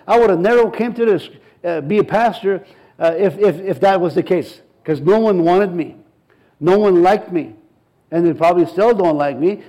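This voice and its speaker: A middle-aged man with a notably high voice preaches a sermon. He drives his points home with emphatic repetition and climbs in intensity as he goes. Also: a little mellow, low-quality recording. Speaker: pastor.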